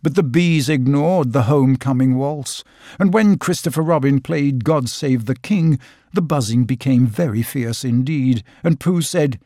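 A man narrating a children's storybook audiobook in a gentle, measured way. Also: medium pitch, dry recording, studio quality. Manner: gentle, measured storytelling with lively vocal shifts.

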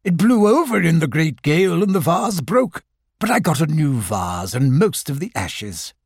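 A man's voice: fairly high pitch, big pitch swings, normal speed, vocal fry, husky, no room sound, studio quality, heavily acted. A man doing a rambling, pompous old owl.

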